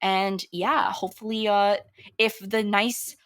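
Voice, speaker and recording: A woman's voice: mid-range voice, flat delivery, slow, no room sound, studio quality. A woman co-hosting a film podcast in casual chat, playful and chatty. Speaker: podcast co-host.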